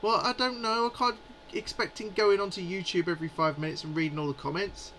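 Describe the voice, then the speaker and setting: A man's voice: sits high, steady tone, fairly quick, a bit bright, a little hiss or hum, poor audio. A man in his forties hosting a live stream, chatting in a rambling, amused way. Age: 40s. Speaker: livestream host. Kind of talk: casual live chat.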